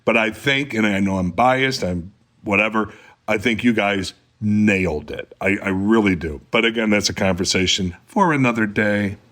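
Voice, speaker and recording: A man's voice: fairly low pitch, normal speed. A middle-aged man, an actor guest on a podcast, talking casually and telling stories. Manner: storytelling, animated in anecdotes. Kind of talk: casual chat.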